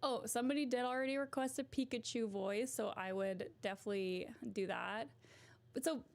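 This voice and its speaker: A woman's voice: on the high side, a little fast. Giggly woman chatting on a livestream. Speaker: livestream host. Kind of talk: casual livestream chat.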